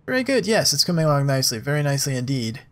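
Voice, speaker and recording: A man voicing a polite, cultured male rigger with a faint Russian accent, speaking courteously with a quiet edge of menace. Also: medium pitch, big pitch swings, very fast, lightly acted.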